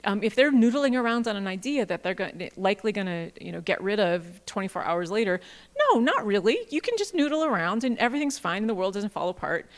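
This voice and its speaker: A woman presenting at a workshop, jokey and animated as she talks to the room. She speaks at a middling pitch in a large auditorium, and her voice carries a long hall reverb. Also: quick pace. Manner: playful, animated, jokey asides. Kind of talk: conference workshop talk.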